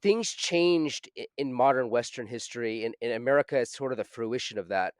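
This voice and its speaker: A man hosting a casual podcast discussion, thoughtful and halting, with many fillers. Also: medium pitch, no room sound, clean studio sound.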